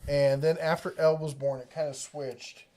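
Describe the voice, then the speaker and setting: A man's voice: a little high, flat delivery, moderate pace, dark tone. Rambling middle-aged man hosting a livestream. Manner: rambling, self-interrupting, jokey. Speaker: host of a tool livestream. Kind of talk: casual livestream chat reading viewer comments.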